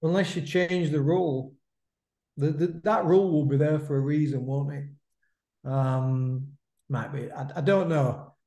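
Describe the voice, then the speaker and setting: A man's voice: on the high side, unhurried, mellow. A man, co-hosting a casual podcast chat and padding his points with "mate" and tag questions. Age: 50s. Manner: chatty, repeats himself, drops in "mate" and "isn't it?" tags. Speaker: podcast co-host. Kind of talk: casual chat about boxing. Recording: roomy echo.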